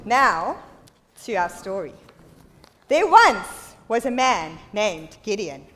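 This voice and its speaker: A woman giving an animated children's Bible talk in a church, leading the children in call-and-response storytelling. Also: medium pitch, slow pace. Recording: echoey church hall.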